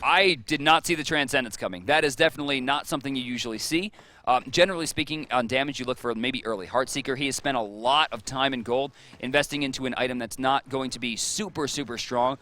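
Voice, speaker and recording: A man casting a live esports match, giving quick play-by-play and analysis that gets excited on big plays. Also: medium pitch. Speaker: esports caster.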